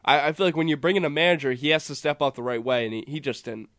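A man's voice: on the high side, fast, a bit bright, a little hiss or hum. A man with a New England accent co-hosting sports radio, making earnest points in plain talk. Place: radio studio. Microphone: studio microphone.

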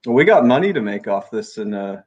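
A man's voice: fairly low pitch, very animated, a little fast, muffled recording. A man co-hosting a casual late-night chat over a video call, reading donation messages and giving blunt, laid-back advice.

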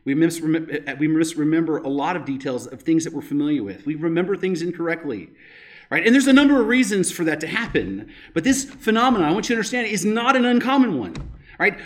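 A man's voice: a little high, sing-song, quick pace. A male pastor preaching a sermon in a conversational way, often checking in with rhetorical questions.

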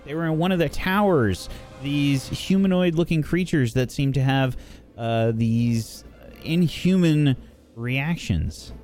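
A man's voice: fairly high pitch, takes it slowly, a little mellow, faint music behind. A man narrating scenes and calling turns as game master of a tabletop game, with frequent fillers.

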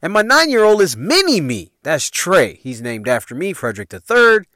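A man in his forties with a Chicago accent rambles through stories in a loose, profane way, laughing at his own jokes. His voice sits a bit high and swings up and down with lively energy. The sound is dry, with no room in it. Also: moderate pace, no echo. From Chicago, USA. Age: 40s. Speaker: podcast host. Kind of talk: casual storytelling monologue.

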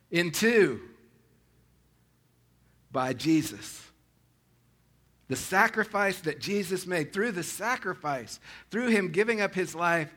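A pastor with a fairly high-pitched voice preaches a sermon to his congregation, speaking conversationally with restarts and building into loud, animated calls to people by name.

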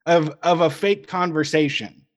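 A man co-hosting a casual livestream talk show, sardonic and animated. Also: on the high side, moderate pace. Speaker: podcast co-host.

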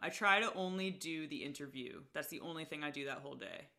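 A woman's voice: low-pitched, fast, creaky, bright, forceful tone. A young woman in casual interview chat, talking about her podcast with lots of "like" and frequent laughs. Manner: chatty, lots of "like", laughs often. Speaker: podcast host as guest.

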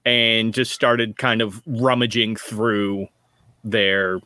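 A man playing a tabletop game, casually thinking out loud about what his character does. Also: fairly low pitch, little pitch movement, slow pace, dry recording, clean studio sound. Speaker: player.

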